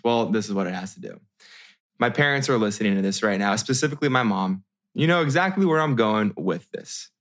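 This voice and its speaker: A man in his thirties from the United States telling a personal story in a casual, animated way, with many restarts and fillers. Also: lowish voice, brisk. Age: 30s.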